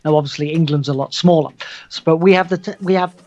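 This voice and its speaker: A man's voice: on the high side, fairly even intonation, fast, darkish tone, muffled recording. A man with an English Midlands accent chatting casually on a radio show, laughing often and swearing freely. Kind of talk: casual chat.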